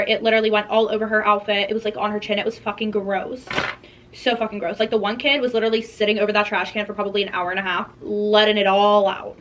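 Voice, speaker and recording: A woman's voice: medium pitch, fairly bright tone. A young woman narrating a personal storytime in a chatty, slangy, blunt way with swearing.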